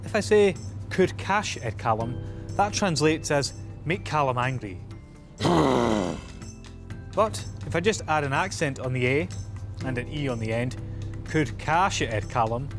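A Scottish man presents a language lesson out on location, full of cheeky puns. His voice sits a little high. Music plays clearly behind him. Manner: jokey, punning, lively. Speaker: presenter teaching words on location. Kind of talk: playful pun-filled presenting.

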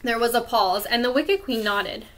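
Bright-voiced teacher reading aloud. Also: female voice, fairly high pitch, normal speed. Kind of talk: reading a chapter book aloud to children.

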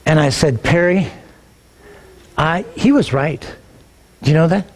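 A middle-aged man, a pastor, telling a personal story in a sermon, animated and acting out the dialogue, often repeating words as he gets going. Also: on the high side, measured pace. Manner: animated, acts out quoted dialogue, repeats words when excited.

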